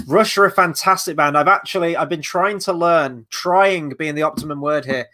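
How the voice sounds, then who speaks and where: Male watchalong host, slightly high voice, loose rambling commentary, casual swearing. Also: moderate pace, sharp tone. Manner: reads out and answers chat questions. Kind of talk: live movie watchalong commentary.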